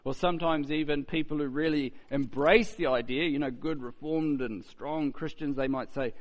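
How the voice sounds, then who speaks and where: A man's voice: fairly high pitch, fairly even intonation, normal speed, hardly any pauses, muffled recording. A man preaching a sermon in a conversational way, with rhetorical questions and mocking quotes.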